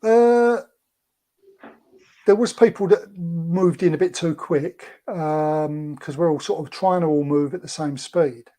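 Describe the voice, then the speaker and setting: Male guest, fairly high mellow voice, rambling storyteller. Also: slow. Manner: chatty and rambling, with many fillers. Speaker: guest, former film extra. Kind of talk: casual anecdote telling.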